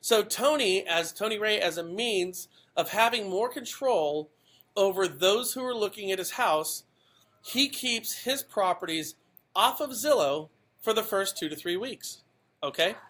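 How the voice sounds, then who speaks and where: A man with a high, bright, forceful voice rants his way through podcast commentary. He is blunt and emphatic, swears without a second thought, and keeps tossing "okay?" at the listener to drive his points home. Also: expressive, unhurried. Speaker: podcast host.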